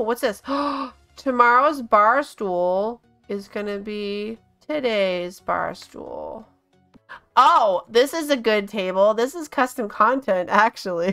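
A woman hosting a casual game video, gushing and excitable, often gasping and laughing as she talks. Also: a little high, smooth. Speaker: gaming channel host.

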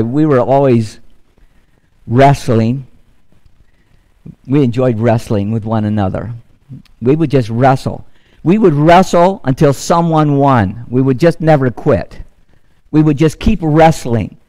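A man's voice: medium pitch, a little slow, pauses often, dark tone. A man pastor preaching a sermon, repeating key phrases and building emphasis as he exhorts the congregation. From United States.

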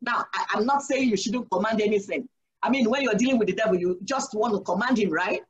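A woman's voice: mid-range voice, fast talker, highs cut off. A deaconess teaching a church Bible study, exhorting and asking her listeners questions that she then answers herself. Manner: asks rhetorical questions and answers them herself; earnest, exhorting, sprinkles in "Praise the Lord".

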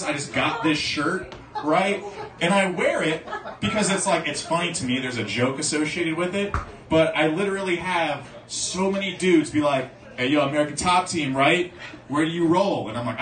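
A young man doing a stand-up comedy set, rambling loosely through his stories with lots of fillers. His voice sits a little high for a man and comes from a distance. The room echoes, and a crowd laughs and cheers behind him. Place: comedy club stage at an open mic. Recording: echoey club recording from far off, audience noise. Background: audience laughing and cheering.

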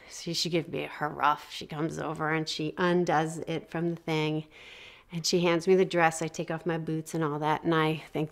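A middle-aged woman giving a talk in a conversational, animated way, with frequent restarts and asides as she tells a personal story. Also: deep voice, moderate pace, gravelly.

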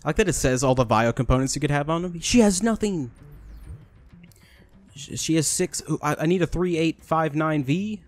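Excitable young man playing a game. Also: fairly high pitch, moderate pace. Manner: excitable, talks to the screen, laughs often, swears. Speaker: gaming YouTuber. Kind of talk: casual let's-play commentary.

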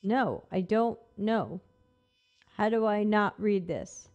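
A woman's voice: medium pitch, lively intonation, slow, a little mellow, muffled recording, soft background music. A woman hosting a live stream who reads an article aloud and answers it with skeptical, sarcastic remarks. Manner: skeptical, sarcastic, talks back to the text. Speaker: host.

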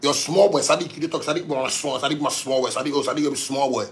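A man's voice: medium pitch, quick pace, slight background noise. A man with a Ghanaian accent delivering an angry, profane rant to his audience, repeating himself for emphasis. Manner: heated, profane, repetitive.

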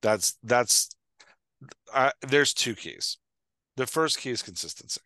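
Bright-voiced man musing halting on a podcast. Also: medium pitch, animated, no room sound. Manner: thoughtful, halting, with many restarts and fillers. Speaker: podcast co-host. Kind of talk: casual chat.

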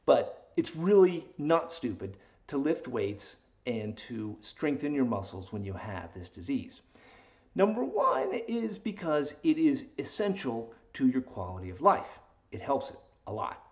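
A man's voice: mid-range voice, very animated, unhurried. Playful man hosting a lo-fi fitness vlog. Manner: playful, hamming it up in a put-on silly accent. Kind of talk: casual jokey vlog talk.

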